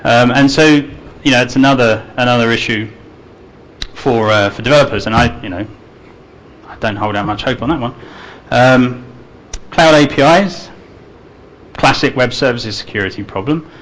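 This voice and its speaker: A man presents at a conference in a loose, conversational way, scattering fillers and restarting his sentences. His voice sits at an ordinary middle pitch. He has an accent he points out himself. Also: normal speed, long pauses, a bit bright, low-quality recording. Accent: non-native English accent. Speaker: conference speaker. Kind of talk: conference talk to a live audience.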